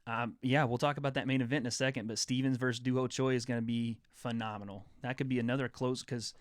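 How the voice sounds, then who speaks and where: A man's voice: mid-range voice, steady tone, fast, dry recording. A young man hosting a casual sports chat show, rambling enthusiastically through fight news. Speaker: host.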